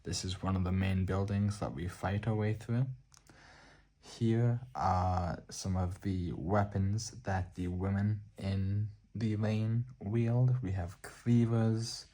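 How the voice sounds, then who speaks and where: Irish guy, soft spoken art book walkthrough, slow and husky, lots of ums. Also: fairly low pitch. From Ireland. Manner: soft-spoken, relaxed, hesitant with fillers. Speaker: art book channel host.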